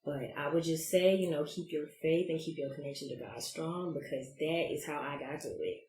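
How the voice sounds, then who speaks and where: A woman's voice: low-pitched, normal speed, dark tone, reverberant, slight background noise. Brash, profane woman podcaster. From Georgia, US. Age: 30s. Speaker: podcast host. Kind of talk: casual solo podcast monologue.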